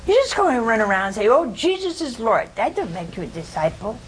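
A woman's voice: a little high, sing-song, brisk, a little hiss or hum, low-quality recording. A woman giving an informal sermon, quizzing her listeners, chuckling and acting out quoted speech. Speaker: religious teacher. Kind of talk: informal sermon with audience questions.

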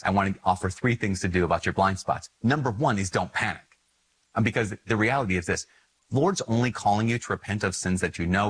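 A man's voice: on the low side, breathy edge, poor audio. A man, a Catholic priest, giving an earnest, conversational homily full of asides. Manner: earnest, conversational, with asides and acted-out inner voices.

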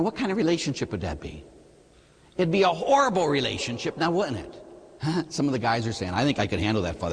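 Male priest, sermon, lively swooping delivery, husky voice, long church reverb. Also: mid-range voice. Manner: animated, conversational preaching with rhetorical questions and playful asides. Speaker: Catholic priest.

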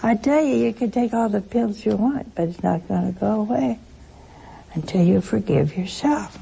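A woman's voice: mid-range voice, moderate pace, vocal fry, mellow. A woman giving a conversational sermon to her listeners, telling stories and often laughing as she talks. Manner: chatty storytelling, laughs through her anecdotes. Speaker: religious speaker addressing listeners.

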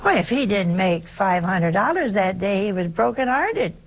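A woman preaching a sermon in an animated way, with many rhetorical questions and little acted-out exchanges. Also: medium pitch, moderate pace.

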